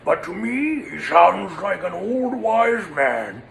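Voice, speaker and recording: A man voicing an ancient, wise male foam creature, slow and amused, recorded in an echoey room. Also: sits high, very animated, a bit bright, heavily acted. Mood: sage. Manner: slow, gravelly, amused and grand. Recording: echoey room with faint noise.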